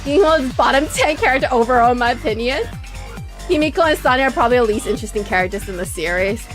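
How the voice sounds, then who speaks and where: A woman's voice: on the high side, brisk, faint music behind. A woman streamer giving casual, dramatic commentary while playing a game, ranting in exasperation at the story. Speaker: VTuber streamer.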